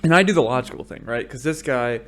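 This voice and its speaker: A man from the United States talks solo into a studio mic in a loose, rambling monologue. His pitch swings widely from mutters to yelled outbursts, and he laces his stories with profanity. He sits at a middle pitch for a man. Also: expressive, fast. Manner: profane, rambling storytelling that bursts into shouted rants. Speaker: podcast host. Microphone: studio microphone.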